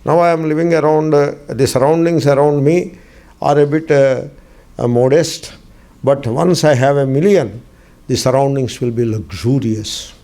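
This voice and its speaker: A man's voice: mid-range voice, fairly even intonation, normal speed, mellow. A man, a swami, teaching a spiritual discourse class, emphatic and fond of asking and answering his own questions, repeating key phrases with dry humor.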